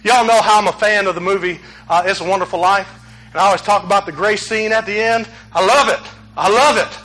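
Male preacher, very high voice, bright and forceful, animated storytelling. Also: fairly quick, low-quality recording. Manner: animated storytelling with acted quotes, rising to near shouts. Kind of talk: sermon.

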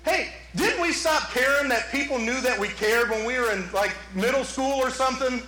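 A man preaching a sermon as pastor, animated, rising to shouts and dropping into playful asides. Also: extremely high pitch, normal speed, roomy sound, low-quality recording. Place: church sanctuary.

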